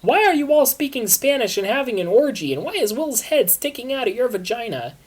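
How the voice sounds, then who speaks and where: Crack-fic reading: a woman doing an exasperated young guy, quick and raised. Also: on the high side, very animated, slightly rough, pitched above the performer's own voice. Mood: incredulous. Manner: rapid, incredulous questioning.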